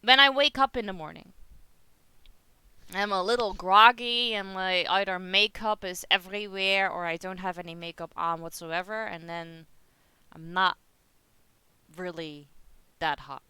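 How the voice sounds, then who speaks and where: A woman's voice: mid-range voice, fairly even intonation, a little slow, pauses often, sharp tone, clean tone, no room sound. A young woman with a Dutch accent, chatting casually with her live-stream viewers and laughing often. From Netherlands. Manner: chatty, giggly, reads chat aloud.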